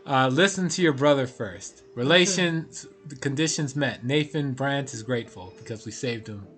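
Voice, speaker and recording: A man's voice: medium pitch, moderate pace, music in the background. A man streaming a story game, reading the narration aloud with offhand asides.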